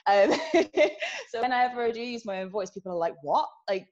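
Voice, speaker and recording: A woman's voice: fairly high pitch, fairly quick, a little mellow. A young woman from England with a British accent, chatting as a podcast guest and laughing often between her sentences. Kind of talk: casual interview chat. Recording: muffled lo-fi audio.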